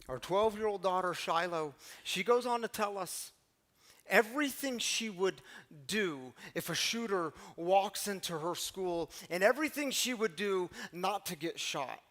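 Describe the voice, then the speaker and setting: A middle-aged man, a pastor, giving an earnest, confessional sermon that swings from hushed to emphatic, often repeating words. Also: sits high, animated, measured pace. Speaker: pastor of a recovery community. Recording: long hall reverb, faint music behind.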